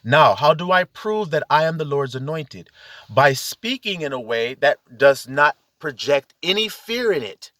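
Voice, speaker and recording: Man preacher, highish lively voice, exhorting and fired up, recorded dry inside a car. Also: unhurried, no room sound. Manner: exhorting, fired-up, peppered with rhetorical questions to the audience. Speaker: self-styled preacher. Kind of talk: impassioned spiritual monologue.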